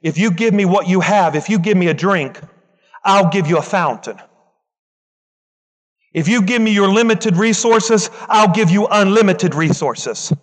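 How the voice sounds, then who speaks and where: High-pitched guy preaching hard, repeating lines over and over, big hall echo. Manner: impassioned, rhythmic repetition, calls out to the congregation. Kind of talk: sermon. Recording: long reverb in a large hall.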